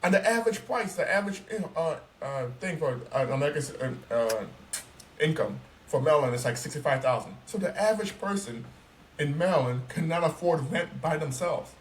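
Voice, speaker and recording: A young man talking casually on a podcast, ranting in an animated, profane and emphatic way. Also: fairly high pitch, a little fast. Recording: roomy, distant mic, faint noise.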